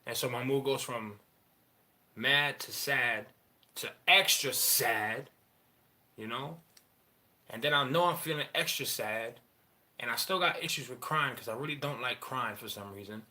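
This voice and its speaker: A man in a candid personal monologue, rambling and profane, halting often with fillers as he talks about his feelings. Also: medium pitch, pushed and bright. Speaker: father sharing personal story.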